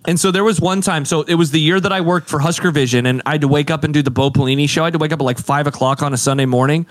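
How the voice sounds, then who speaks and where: A man's voice: on the high side, racing, no echo. A man in his thirties co-hosting a sports podcast, telling stories in casual, emphatic chat, with a Midwestern American accent. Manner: storytelling, emphatic, swears casually. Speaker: podcast co-host.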